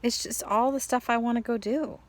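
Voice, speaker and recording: Speaking a little fast in a higher-pitched voice with fairly even intonation, a middle-aged vlogger shares a personal story casually. Her telling wanders and she often starts sentences over, laughing between thoughts while sounding heartfelt and sometimes near tears.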